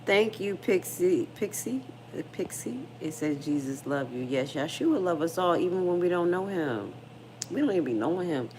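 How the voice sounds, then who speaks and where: A woman's voice: lowish voice, animated, normal speed, darkish tone, a little hiss or hum. A middle-aged woman hosting a casual livestream, frank and slangy, talking straight to her viewers and reading their comments. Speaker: livestream host.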